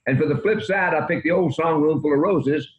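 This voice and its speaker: A man's voice: on the high side, a little fast, a little hiss or hum. A man in his eighties telling folksy, rambling anecdotes as a country music guest in an interview. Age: 80s. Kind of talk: interview storytelling. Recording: roomy, dull lo-fi sound.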